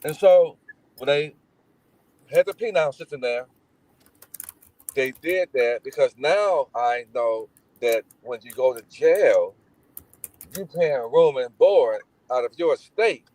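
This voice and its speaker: Telling family stories casually, a middle-aged man from Gary, Indiana, United States, appears as a guest and animatedly acts out the voices of people in them. His mid-range voice is slow with frequent pauses, and the low-quality recording has no room sound.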